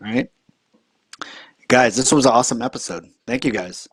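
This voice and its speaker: A man's voice: mid-range voice, moderate pace, slightly rough, no echo, studio quality. A man hosting a podcast, telling a story casually and rambling with lots of fillers. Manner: rambling, full of fillers and restarts. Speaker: podcast host. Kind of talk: casual chat, comic storytelling.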